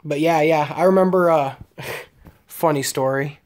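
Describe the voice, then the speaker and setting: A man's voice: fairly high pitch, measured pace, darkish tone. A man in his late twenties telling crude, rambling stories while chatting casually with stream viewers. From Omaha, Nebraska, United States. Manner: rambling, profane storytelling with frequent fillers and laughs. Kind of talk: casual live-stream chat.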